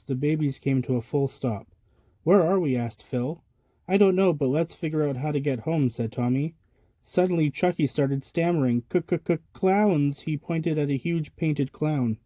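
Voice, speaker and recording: A man's voice: medium pitch, no room sound. A man reading a children's picture book aloud, lifting his voice for the baby characters' lines. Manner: lively, lifts voice for the babies' lines. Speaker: storybook reader. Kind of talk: children's story read-aloud.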